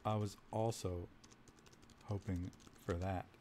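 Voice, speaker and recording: A man voicing the player's adventurer in a text game, dropping to a slow, flat, deadpan delivery. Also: sits low, slight background noise, voice pushed down.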